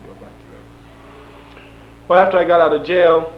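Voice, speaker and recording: Brief: young male interviewee, animated storyteller who chuckles and acts out lines; muffled archival audio. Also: fairly high pitch, a little slow. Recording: dull lo-fi archival tape with faint hum.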